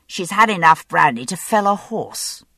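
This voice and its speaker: A cool, ironic gentleman as a woman narrator gives him voice answers with unruffled poise. The read is low-pitched, and the recording is dry and close. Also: animated, moderate pace, gravelly, dry recording, full character voice. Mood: composed. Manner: self-possessed, ironic. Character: composed, ironic male governor, dry wit. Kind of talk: audiobook character voice.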